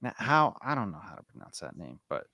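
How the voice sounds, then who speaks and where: Energetic man coaching live calls. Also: lowish voice, brisk, dry recording, studio quality. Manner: energetic, enthusiastic, acts out both sides of calls. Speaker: host coaching on seller calls. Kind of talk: live call-coaching session.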